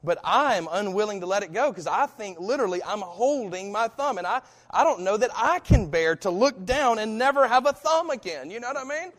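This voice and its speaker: A pastor preaching a sermon and telling a personal story with animation, acting out the voices of people in it. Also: male voice, high voice, expressive, fairly quick, hardly any pauses. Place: church. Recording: reverberant hall.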